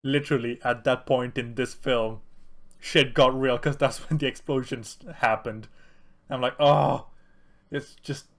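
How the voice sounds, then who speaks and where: Man, medium pitch, casual film chat, animated, laughs often. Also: moderate pace. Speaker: podcast co-host.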